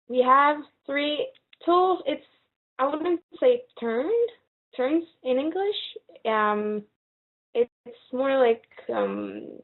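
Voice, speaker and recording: Slow, patient French-accented woman teacher. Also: fairly high pitch. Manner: patient, repeats words slowly with fillers. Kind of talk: slow spoken language lesson. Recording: tinny phone-like sound.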